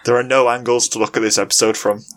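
A man's voice: mid-range voice, little pitch movement, normal speed, a bit bright. A man, a podcast co-host in playful banter who laughs often, on a home microphone with a pop filter over a voice call. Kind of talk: casual chat, outtakes.

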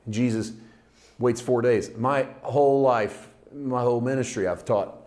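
A middle-aged man, a pastor, preaching a reflective, conversational sermon that swings between loud and soft. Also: mid-range voice, measured pace.

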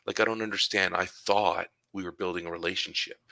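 A man's voice: sits low, steady tone, fairly quick, gravelly, bright, forceful tone, no echo, poor audio. A man who works as a supply teacher, chatting casually and acting out conversations with his students as he tells stories. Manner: storytelling, acts out dialogue with students.

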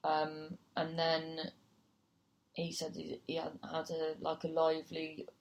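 A woman's voice: low-pitched, completely flat delivery, takes it slowly, highs cut off. A woman comedian telling a gig story casually, swearing freely and acting out other people's voices. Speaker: comedian and compere.

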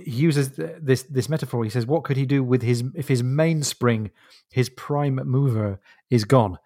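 A man co-hosting a book discussion podcast, explaining literary references with quiet enthusiasm. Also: medium pitch, normal speed, no room sound, clean studio sound. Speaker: podcast co-host.

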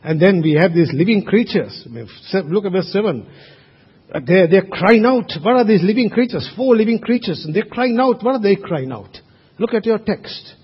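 The preacher here has a high, husky voice with lively intonation and a normal pace. He addresses his congregation during a church service, emphatic and full of rhetorical questions. Sound is muffled and reverberates as in a large hall.

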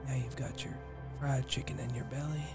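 A man leading a joking guided meditation in a soft, hushed, soothing voice. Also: mid-range voice, little pitch movement, a little fast, creaky, loud music behind the voice. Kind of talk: mock guided meditation, comedic.

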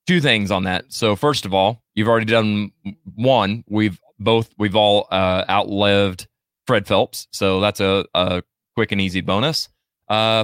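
Deep-voiced podcast host reading comments. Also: male voice, fairly bright tone, clean tone, no room sound, studio quality. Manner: halting, many fillers and restarts. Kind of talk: casual live-show chat, reading comments. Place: Missouri area studio.

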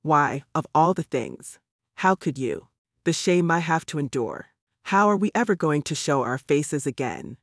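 A pious old great-aunt frets and scolds in a flurry of worried questions, as a man reads her part. The voice sits a little high for a man and sounds dry and close. It comes through plainly as an audiobook character. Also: animated, a little slow, a bit bright, dry recording. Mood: scolding. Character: fretful devout elderly great-aunt woman.

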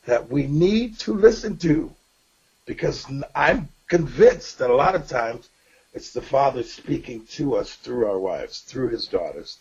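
A deeply raspy, husky man co-hosts a faith-based talk show in an earnest, preaching manner. His voice comes through muffled and lo-fi. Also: darkish tone. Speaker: co-host.

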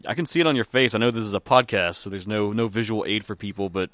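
A man's voice: lowish voice, quick pace, fairly bright tone, no echo. A man in casual podcast chat, teasing and asking pointed questions. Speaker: podcast co-host.

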